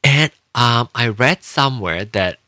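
Man from Taiwan, chatty solo vlogger, lively rambling delivery, bright tone. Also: medium pitch, unhurried, no room sound, clean studio sound. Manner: rambling, animated storytelling. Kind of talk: casual monologue. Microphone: home microphone with compressor.

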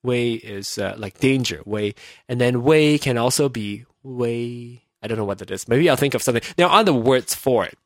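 A man's voice: mid-range voice, expressive, moderate pace, no room sound, clean studio sound. A man whose first language is Mandarin, hosting a casual solo podcast from home, rambling and self-interrupting as he explains things and laughing easily. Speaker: podcast host.

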